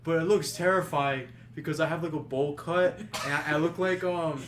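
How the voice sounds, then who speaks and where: A man's voice: on the high side, steady tone, moderate pace, fairly bright tone, a little hiss or hum. Rambling young man telling a story. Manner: rambling, many fillers and restarts. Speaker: podcast host. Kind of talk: casual storytelling among friends.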